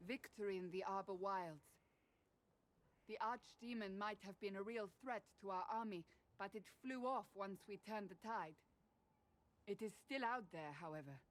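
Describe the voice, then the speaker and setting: A woman's voice: medium pitch, normal speed, lightly acted. A woman voicing a stern, devout female warrior in video game dialogue, speaking firmly and solemnly. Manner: firm and solemn.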